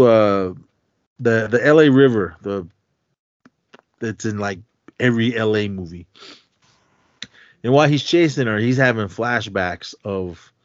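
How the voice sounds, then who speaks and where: Man, podcast co-host, low-pitched, casual plot recap, acts out quotes, dry dull audio. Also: no echo. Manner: retells scenes with quick acted-out quotes.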